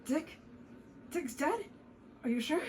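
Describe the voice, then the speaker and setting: A woman's voice: high voice, animated, slow, darkish tone, a little hiss or hum, voice pushed up. A woman voicing a young female detective while reading a mystery game's dialogue. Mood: startled.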